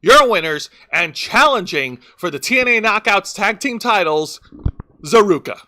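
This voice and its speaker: A woman co-hosting a wrestling review show who recaps matches in a casual, lively way and laughs easily. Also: medium pitch, normal speed. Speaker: podcast co-host.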